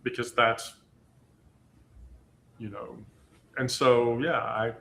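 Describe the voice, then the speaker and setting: Male podcast host, bright tone, meandering casual talk, echoey room. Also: mid-range voice, level tone, takes it slowly, vocal fry, a little hiss or hum. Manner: rambling, many ums and you-knows. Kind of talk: casual chat.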